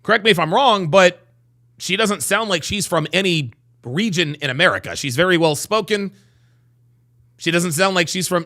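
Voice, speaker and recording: A man hosting a livestream, reacting to a clip with profane, animated commentary, repeating phrases and stretching words for emphasis. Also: sits high, normal speed. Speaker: host reacting to a video clip.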